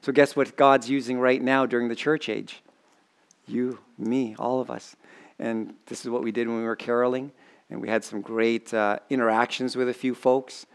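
A man's voice: mid-range voice, little pitch movement, normal speed, clean tone. A man preaching a sermon in a conversational way, often asking the congregation questions. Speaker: pastor.

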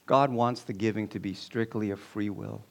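A man's voice: fairly low pitch, fairly even intonation, moderate pace. A man preaching a sermon to his congregation, emphatic and repeating key lines for weight. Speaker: pastor.

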